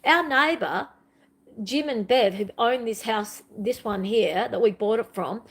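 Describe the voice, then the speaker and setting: A woman's voice: on the high side, unhurried, a bit bright, husky. A middle-aged woman giving an earnest, repetitive, confessional monologue in a spiritual vlog, pouring out her feelings. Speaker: spiritual vlogger.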